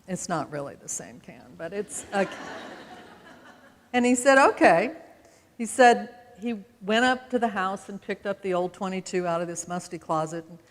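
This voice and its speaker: A woman's voice: mid-range voice, expressive, moderate pace. A woman in her seventies from Utah, giving a folksy, conversational storytelling talk with self-deprecating humor from a stage. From American West, Utah. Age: 70s. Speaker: speaker. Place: stage in a large auditorium. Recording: long hall reverb of an auditorium.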